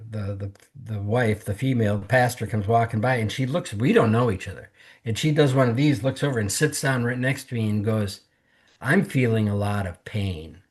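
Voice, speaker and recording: Earnest man telling his testimony. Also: lowish voice. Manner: earnest, candid storytelling that mimics others' words. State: emotional, close to tears. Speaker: podcast guest. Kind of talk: personal testimony in conversation.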